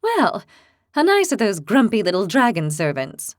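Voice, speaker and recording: A woman's voice: a little high, animated, normal speed, no echo, studio quality, pitched above the performer's own voice, natural voice. A woman voicing a hot-tempered young horned woman who speaks bluntly and sarcastically. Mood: brisk.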